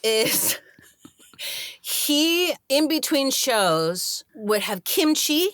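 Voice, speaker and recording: A woman actress as a guest in an interview, telling backstage stories in a lively way and acting out what people said. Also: sits high, extremely slow, no echo. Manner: animated storyteller, acts out quotes with laughs. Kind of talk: interview storytelling.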